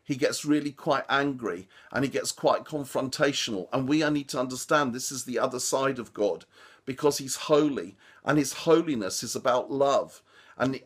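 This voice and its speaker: A man's voice: medium pitch, breathy edge. A man and preacher giving a short devotional commentary on a Bible passage, earnest and informal, with restarts and fillers.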